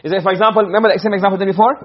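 A man's voice: sits high, steady tone, very fast, muffled recording. A man teaching a classroom lesson, explaining point by point and often checking whether the students follow. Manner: explains with repeated questions to students.

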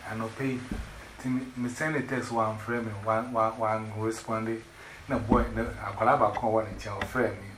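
A man rambling excitedly in casual chat, switching between pidgin English and Twi. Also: lowish voice. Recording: echoey room with loud background noise.

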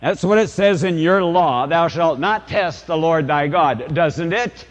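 A preacher acting out an exasperated Jesus. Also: male voice, fairly high pitch, measured pace, big-room sound, natural voice. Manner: blunt, impatient, mock-scolding. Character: exasperated Jesus, a grown man scolding a lawyer.

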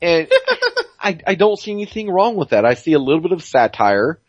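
A man's voice: a little high, big pitch swings, brisk, slightly rough, no room sound. A man chatting on a gaming podcast. He rambles and swears, stacks up fillers and restarts, and sounds dull and close on a dry, lo-fi home mic. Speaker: podcast co-host. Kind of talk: casual gaming podcast chat.

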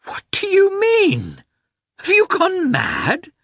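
A man voicing an anxious, excitable aristocratic mother in a storybook reading. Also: fairly low pitch, unhurried, no echo, clean studio sound, exaggerated voice. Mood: alarmed. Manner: fretful, excitable. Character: anxious aristocratic mother, woman, middle-aged.

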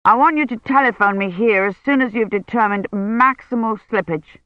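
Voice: medium pitch, normal speed, no room sound, voice pushed up, lightly acted. A reader voicing an older male academic who presses urgently for help. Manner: urgent, persuasive. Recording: dull lo-fi sound.

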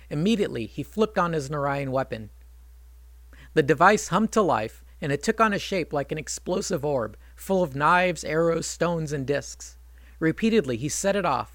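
A man's voice: on the high side, a bit bright, no echo. A man retelling an epic in casual storytelling with chatty, wry asides.

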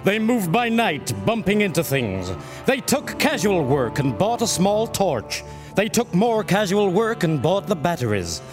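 A man's voice: sits high, very animated, unhurried, over music. A man narrating a comic story in a mock-solemn, storybook manner.

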